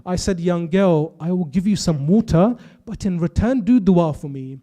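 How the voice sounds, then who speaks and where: Young guy preaching, voice sits high and warm, tells the story with all the quotes, gets really intense. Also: normal speed. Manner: storytelling with quoted dialogue, rising to impassioned intensity. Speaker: speaker at a youth majlis. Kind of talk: emotional religious sermon narration.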